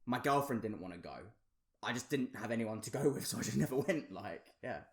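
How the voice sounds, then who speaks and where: A man co-hosting a podcast, talking easygoing and halting, often restarting his sentences. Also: medium pitch, expressive, roomy sound. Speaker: podcast co-host. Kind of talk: casual chat.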